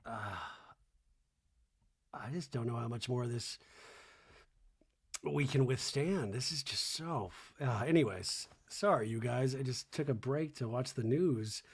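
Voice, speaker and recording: A man's voice: mid-range voice, a little slow, long pauses, breathy edge. A man hosting a casual recap podcast, chatty, sarcastic and profane. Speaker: podcast host recapping a reality show. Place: home in Los Angeles.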